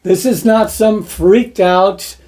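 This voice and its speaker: Impassioned preachy man, mellow voice. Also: sits high, steady tone, slow pace. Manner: impassioned, moralizing, laughs nervously. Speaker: online commentary host. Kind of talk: preachy commentary monologue.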